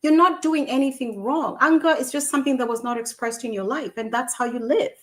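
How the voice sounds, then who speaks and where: Higher-voiced woman hosting a chat. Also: fairly quick, a bit bright. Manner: thinking aloud, many "you know" fillers. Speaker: podcast host. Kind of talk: conversational interview.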